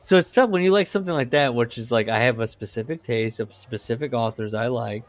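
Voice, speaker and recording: A man's voice: medium pitch, fast talker. A man co-hosting a podcast, telling rambling stories in casual chat, laughing often and swearing. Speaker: podcast co-host.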